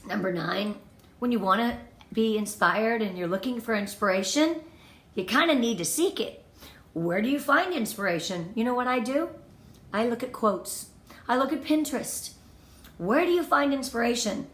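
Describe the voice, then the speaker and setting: A woman's voice: a little high, expressive, normal speed, roomy sound. Upbeat woman giving a team pep talk. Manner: enthusiastic and emphatic, numbering tips, repeating key phrases. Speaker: direct sales team leader. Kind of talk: motivational team training talk.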